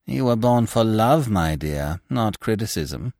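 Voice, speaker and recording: A man's voice: fairly low pitch, expressive, measured pace, darkish tone, no echo, clean studio sound, voice pushed up. A man voicing a small, whimsical male comic actor with wry, philosophical remarks.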